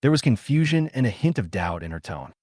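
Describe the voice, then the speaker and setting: A man narrating a dramatic story recap in an expressive way. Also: mid-range voice, fairly quick, no echo, clean studio sound.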